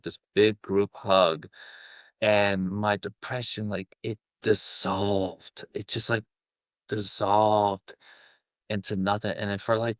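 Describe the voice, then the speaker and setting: Low-voiced man telling his story haltingly. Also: fairly bright tone, no echo. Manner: halting, many restarts and "like" fillers. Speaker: self-love coach, guest. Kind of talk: emotional personal storytelling.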